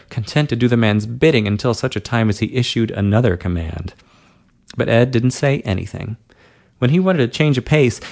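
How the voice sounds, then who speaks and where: A man reading an adult story aloud at a steady, unhurried pace. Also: mid-range voice, creaky. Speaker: narrator.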